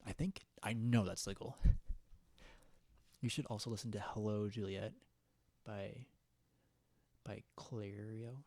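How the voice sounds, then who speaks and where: A young man chats on a casual livestream in a low, mellow voice. He rambles and giggles as he reads viewer comments. The sound is close and dry, with no room around it. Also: steady tone, slow, long pauses, dry recording. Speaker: livestream host.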